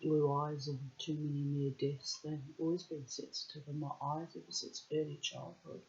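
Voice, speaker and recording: A woman's voice: low-pitched, level tone, moderate pace, a little mellow, dull audio, a little hiss or hum. A woman with a New Zealand accent telling a rambling personal story straight to the viewer, blunt and profane. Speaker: vlogger.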